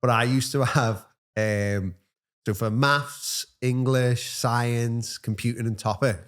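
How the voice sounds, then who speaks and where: A man's voice: mid-range voice, fairly even intonation, slow, fairly bright tone. A man, a teacher co-hosting a casual chat, who tells rambling anecdotes full of quoted dialogue. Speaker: teacher and podcast co-host.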